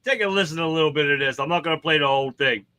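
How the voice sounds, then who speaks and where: A host introduces clips in a chatty, folksy tone, a little high and bright for a man. The sound is dry and close, with no room around it. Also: racing, smooth, dry recording. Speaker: host of a political talk show. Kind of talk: casual show commentary.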